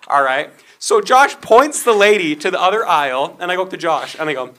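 A man's voice: high-pitched, animated, normal speed, a bit bright. A young man co-hosting a casual podcast, rambling through a story and acting out what people said. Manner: rambling storyteller, acts out quoted dialogue. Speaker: podcast co-host.

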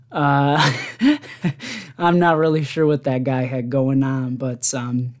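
A man's voice: on the high side, darkish tone. A man hosting his own podcast alone, telling rambling stories in casual chat and often laughing at them. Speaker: podcast host.

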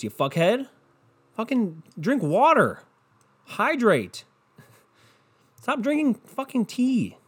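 A man's voice: fairly high pitch, a bit bright. A man host delivering a profane, exasperated ranting monologue, repeating his points for emphasis and throwing crude insults.

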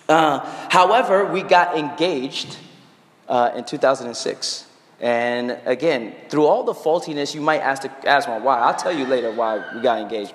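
A man's voice: on the high side, reverberant, long reverb tail. A man in his thirties preaching a sermon as a guest preacher, telling a personal story with earnest rhetorical asides. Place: church sanctuary.

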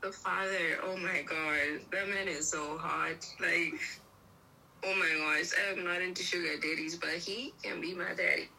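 A woman's voice: lowish voice, steady tone, measured pace, gravelly, pushed and bright, low-quality recording. A woman co-hosting a casual podcast, chatting and rambling as she gives her opinions while chewing food. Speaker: podcast co-host. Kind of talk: casual chat.

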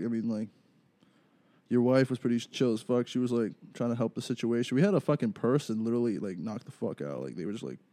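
A young podcast host rambles through a story in loose, profane chat. His voice sits low and gravelly with a dark, mellow tone. The sound is dry and close. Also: no echo.

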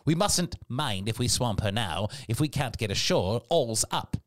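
A man's voice: lowish voice, very animated, normal speed, no echo, studio quality. A man reading a stern, commanding older ship's captain in an audiobook, giving clipped orders. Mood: urgent command.

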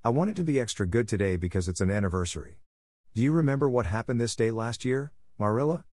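A man's voice: medium pitch, animated, fast talker, a little mellow, no room sound, clean studio sound, natural voice. A man voicing an imaginative, eager orphan girl of about eleven, talking in a breathless, dramatic rush. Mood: earnest.

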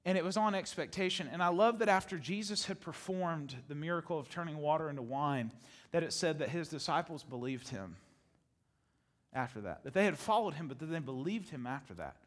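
High-voiced laughing male preacher. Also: a little fast. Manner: animated preaching, repeats phrases, laughs often. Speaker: pastor. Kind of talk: sermon. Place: church sanctuary with congregation.

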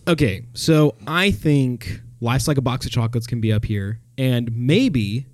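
A man's voice: mid-range voice, expressive, unhurried, a little mellow, dry recording, studio quality. A young man co-hosting a podcast, talking in a thoughtful, hesitant way with frequent restarts. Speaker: podcast co-host. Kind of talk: casual chat.

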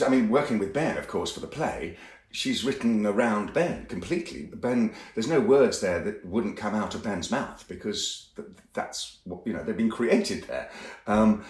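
A man, an actor, talking about his work in an enthusiastic, expressive way with a few restarts. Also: on the low side. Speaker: actor, guest. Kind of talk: conversational interview. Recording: roomy, echoey sound.

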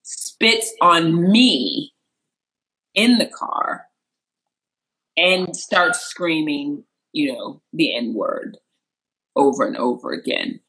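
Entertainment interviewer from rural Missouri, animated storyteller, bright and forceful delivery. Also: extremely slow, pauses often, rough recording. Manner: animated, acts out quotes with sharp jumps in pitch. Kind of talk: personal storytelling.

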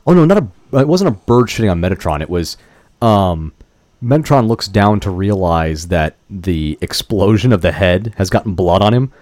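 A man's voice: sits low, lively intonation, normal speed, darkish tone, no room sound, clean studio sound. A man co-hosting a podcast, chatting casually with teasing, jokey interjections and stammered restarts. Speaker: podcast co-host. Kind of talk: casual chat.

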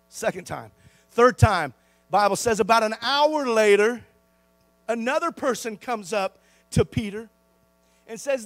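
A man preaching from the pulpit in a high, ringing voice. He calls out for amens and swings between hushed low stretches and loud, rising bursts. The sound is dry and close. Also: a little fast, dry recording. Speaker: pastor. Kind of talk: sermon.

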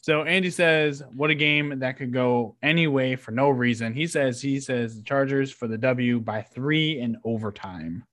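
A man's voice: medium pitch, moderate pace, hardly any pauses, fairly bright tone. A man co-hosting a casual football show, joking and teasing his co-hosts. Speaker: podcast co-host. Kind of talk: casual sports prediction chat.

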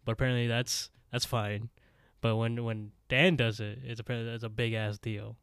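A man in a casual podcast chat, walking through a story and circling back with lots of "like." His voice sits at an ordinary middle pitch. It sounds dry and close to the mic, with no room around it. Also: level tone, moderate pace, a bit bright, clear, resonant tone, no echo. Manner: rambling, full of "like" fillers and retold dialogue. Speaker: podcast co-host. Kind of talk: casual episode recap chat.

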